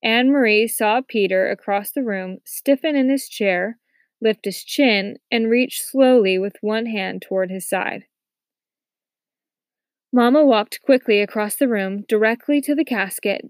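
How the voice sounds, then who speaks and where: Female narrator for a children's novel: steady, soft-spoken, mid-pitched, recorded dry and close. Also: a little slow, dry recording. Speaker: audiobook narrator. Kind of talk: scripted narration.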